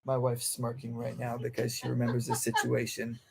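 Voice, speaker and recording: A dog trainer appearing as a guest tells stories in casual conversation, emphatic and full of swearing, acting out the voices he quotes. Yet his gravelly, mid-range voice comes across completely flat at a normal speed, with crowd noise behind him.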